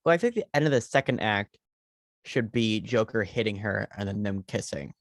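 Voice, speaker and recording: A man's voice: fairly low pitch, animated, normal speed, no room sound, studio quality. A man co-hosting a podcast in casual movie chat, rambling through ideas with lots of fillers. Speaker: podcast co-host.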